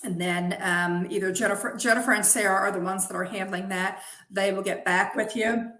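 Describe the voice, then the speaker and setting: A woman's voice: mid-range voice, steady tone, a little fast, a bit bright. A woman chatting as an interview guest, enthusiastic and full of praise for her coworkers. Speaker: guest, zine head witch. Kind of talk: casual interview chat. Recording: echoey room.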